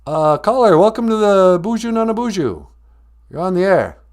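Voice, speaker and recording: A man's voice: high-pitched, big pitch swings, normal speed, darkish tone. A man hosting a comic call-in sketch, laid-back and chuckling. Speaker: comedy show host.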